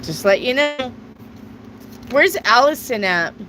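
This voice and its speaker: Slow, bright-voiced woman tarot reader. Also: on the high side, animated, a little hiss or hum, rough recording. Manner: chatty, reads viewer questions aloud and answers. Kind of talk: live tarot reading, casual chat.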